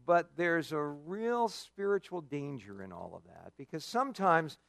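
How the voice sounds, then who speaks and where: A male pastor gives a folksy, chatty sermon in a fairly high voice that swings widely up and down. He leans on rhetorical questions and casual asides, and the recording is dry and close. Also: unhurried, gravelly, no echo. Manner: conversational, folksy and animated, with many "you know"s and rhetorical questions.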